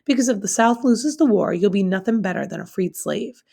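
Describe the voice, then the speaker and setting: A woman's voice: mid-range voice, lively intonation, a little fast, vocal fry, dark tone. A woman voicing a sneering, bigoted middle-aged landlady, with a snapping, scornful drawl, read aloud from a novel.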